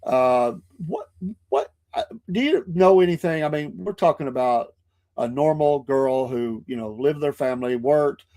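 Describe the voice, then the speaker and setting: A man hosting an interview, asking questions in a halting way and repeating words as he goes. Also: medium pitch, lively intonation, mellow. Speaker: interview host. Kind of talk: casual interview.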